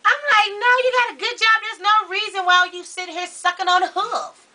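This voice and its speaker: A man's voice: lively intonation, moderate pace, pushed and bright, distant mic, full character voice. A man playing a gossipy, sassy middle-aged Baptist woman, chatting dramatically to the viewers. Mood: indignant. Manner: chatty, dramatic, rising to shrill outbursts. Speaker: comedy character show host. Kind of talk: character comedy monologue to camera.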